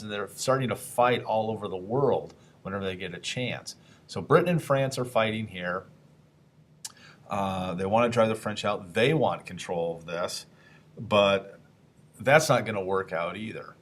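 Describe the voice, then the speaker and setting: A man's voice: on the low side, normal speed. A man teaching a history lesson in a casual, conversational way, asking the class questions and briefly acting out historical figures.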